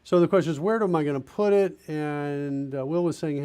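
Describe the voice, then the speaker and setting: A man's fairly high voice sounds warm and clean, and he talks fairly quickly. Live-streaming his coding, he casually thinks out loud as he types and corrects himself.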